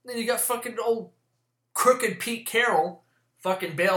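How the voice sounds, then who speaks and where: A man's voice: sits high, measured pace, fairly bright tone. A man giving an agitated sports rant, swearing constantly and firing off complaints. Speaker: sports commentator. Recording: roomy echo.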